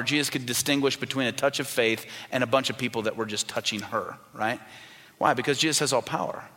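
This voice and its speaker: A pastor preaches to his congregation in a bright, forceful voice that sits a touch high for a man. He keeps it conversational, putting questions to the people and going soft when he quotes the people in his stories. The sound rings with the long reverb of a big church hall. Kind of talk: sermon.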